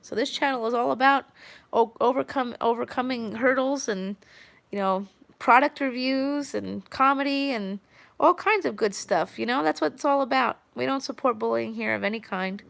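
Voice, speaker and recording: A woman with a New York accent from Long Island chats rambling and friendly on a live stream, greeting viewers by name. Her voice sits a little high with a gravelly fry running through it. The sound is dry, with no room echo. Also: moderate pace, a bit bright. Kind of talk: casual live-stream chat.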